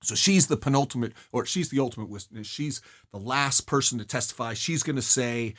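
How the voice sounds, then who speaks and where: A man's voice: mid-range voice, brisk, hardly any pauses, a bit bright. A man presenting a study guide, explaining a novel's scene and song lyrics in an earnest, emphatic way. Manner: earnest, emphatic, rises sharply on key phrases.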